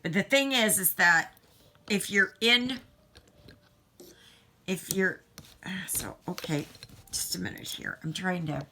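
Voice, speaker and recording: Middle-aged Canadian woman, crafting vlogger, rambling casual chat, unhurried delivery, lower-pitched voice. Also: expressive, sharp tone, slight background noise. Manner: rambling, self-interrupting, chatty.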